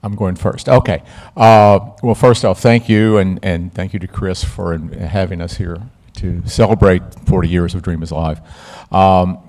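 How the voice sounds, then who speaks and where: A man recalling his film camera work on a live panel, talking haltingly with many fillers and restarts. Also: low voice, fairly even intonation, a little mellow. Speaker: panel guest, former camera operator. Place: museum event stage.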